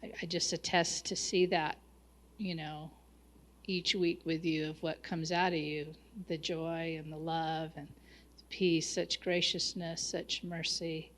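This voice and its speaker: A woman speaking in a low, flat voice, pouring out praise to a friend. She stops and restarts often as she searches for words. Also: a little hiss or hum. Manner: effusive, halting praise with many restarts. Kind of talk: casual chat.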